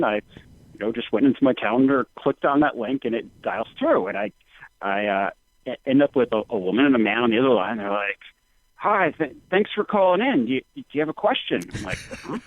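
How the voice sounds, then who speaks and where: A man calling in as a podcast guest, telling a story in an animated, laughing way over a phone line. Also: mid-range voice, no echo.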